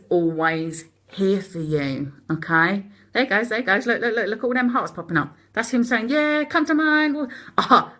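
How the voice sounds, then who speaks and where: Fast-talking Cockney woman. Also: mid-range voice, fairly bright tone. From London. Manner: rapid, chatty and encouraging. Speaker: host of a live support video. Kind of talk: casual live-stream chat.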